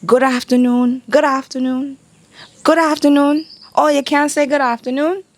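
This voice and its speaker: A woman's voice: sits high, fairly even intonation, moderate pace, voice pushed up, close to an everyday voice. A woman mimicking a pushy catcalling man. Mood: wheedling. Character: pushy catcalling man, flirty then insulted.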